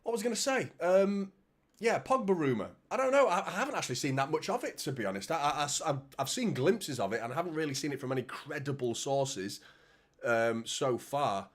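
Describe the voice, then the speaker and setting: A Manchester fan channel host, his voice a little high with big pitch swings and a fairly quick pace, chats casually through a live football watchalong. He curses, reads out what viewers write, and frequently drops "mate" and "do you know what I mean".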